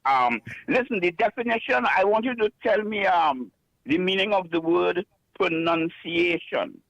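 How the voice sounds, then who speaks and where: A man phones in to a radio talk show and needles the host with slow, pointed questions. His voice is gravelly with some fry, and sits a little high for a man. The sound is dry and close. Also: lively intonation, fairly bright tone, dry recording, dull audio. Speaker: caller. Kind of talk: call-in radio banter.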